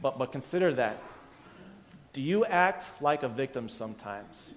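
A man's voice: medium pitch, expressive, normal speed, slight background noise. Chatty male pastor in a reverberant hall. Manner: conversational, self-interrupting, chuckling. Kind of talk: sermon.

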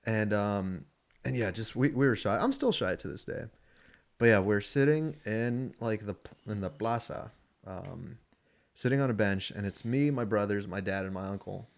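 A man's voice: fairly low pitch, moderate pace, gravelly. Laughing young man telling a story. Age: 20s. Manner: laughing often, acts out quoted voices. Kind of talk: casual storytelling chat.

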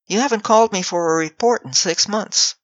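A woman's voice: mid-range voice, brisk, no echo, voice pushed up, lightly acted. A woman voicing a blunt, unflustered male crime-guild chief who speaks wryly and matter-of-factly, in a slightly dull audiobook recording. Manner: wry and matter-of-fact.

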